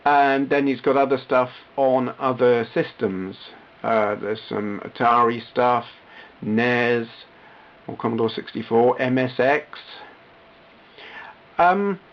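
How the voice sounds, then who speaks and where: A man's voice: medium pitch, fairly even intonation, slow, highs cut off. A man talking casually to camera in his own vlog, rambling and self-deprecating, often restarting his sentences. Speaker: retro gaming YouTuber.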